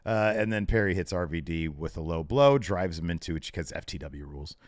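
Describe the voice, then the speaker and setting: A man's voice: deep voice, animated, fairly quick, dry recording, clean studio sound. A man co-hosting a podcast, chatting casually, laughing often and telling stories animatedly. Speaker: podcast co-host. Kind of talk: casual chat.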